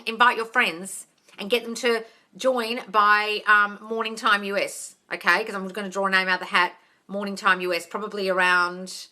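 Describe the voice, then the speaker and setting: A woman casually hosting a live question-and-answer stream on her phone, reading out viewer comments and calling people darling. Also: medium pitch. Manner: chatty and animated, calls viewers darling, swears casually.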